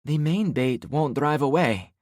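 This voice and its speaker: A man's voice: a little high, unhurried, a little mellow, dry recording, clean studio sound, voice pushed up, close to an everyday voice. A man voicing a wry, playful young woman survivor in an audiobook, bantering as she speaks.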